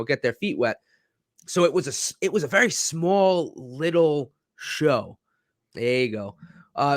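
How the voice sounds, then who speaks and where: A man's voice: mid-range voice, a bit bright, no room sound, clean studio sound. A man co-hosting a casual live-streamed wrestling chat, talking in a rambling, easygoing way. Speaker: wrestling podcast co-host.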